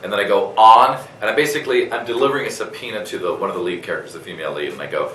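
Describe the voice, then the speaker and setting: A male voice actor, a guest at a convention interview, telling a story in a lively way, full of fillers, restarts and laughter. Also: on the low side, very fast, echoey room, recorded from a distance, slight background noise, poor audio. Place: convention room.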